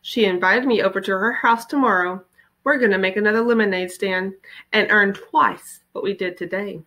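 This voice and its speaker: A woman's voice: medium pitch, moderate pace, sharp tone. A woman reading aloud and voicing a stubborn, smug little girl in a children's book. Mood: defiant.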